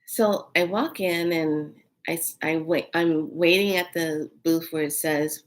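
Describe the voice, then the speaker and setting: A woman vlogger telling a story casually to camera, animated and exclaiming, with frequent fillers. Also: low-pitched, normal speed. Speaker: spiritual vlogger.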